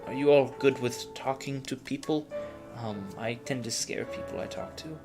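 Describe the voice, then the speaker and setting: A man's voice: medium pitch, moderate pace, loud music behind the voice, voice pushed up, lightly acted. A man voicing a polite, formal young female vampire noble in a tabletop game. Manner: polite, formal, slightly awkward.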